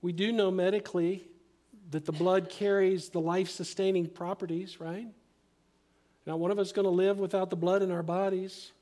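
A middle-aged man preaching a sermon as pastor, earnest and emphatic, often dropping to a hushed, slow delivery. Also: high-pitched, level tone.

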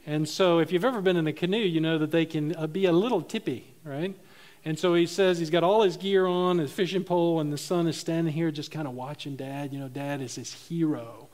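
A man's voice: a little high, fairly even intonation, a little fast, a little mellow. A middle-aged man preaching a sermon, telling funny stories and laughing at his own jokes. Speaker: pastor.

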